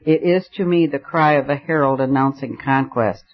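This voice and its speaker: A man's voice: medium pitch, normal speed, close to an everyday voice. A man reading the part of a passionate, argumentative young male poet, declaiming his points fervently. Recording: dull lo-fi recording.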